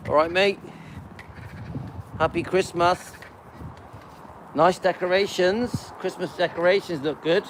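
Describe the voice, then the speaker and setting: Middle-aged guy, slightly high voice, chatty and rambling, live stream on a dog walk, faint street noise. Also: fairly even intonation, takes it slowly, pauses often. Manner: rambling, chatty, loose asides with many ums. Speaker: channel host. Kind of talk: casual live-stream chat while walking. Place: outdoors on a residential street, walking a dog.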